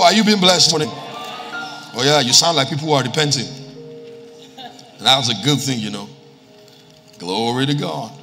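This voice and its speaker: In a reverberant church hall with music and a live congregation, a pastor from Nigeria delivers a sermon, quoting scripture and repeating key lines to drive them home. His voice is on the high side, pushed and bright.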